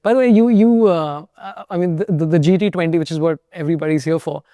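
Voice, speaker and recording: Male podcast host, higher voice, joking, quick to laugh, dry close sound. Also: dark tone, dry recording. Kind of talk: casual podcast conversation.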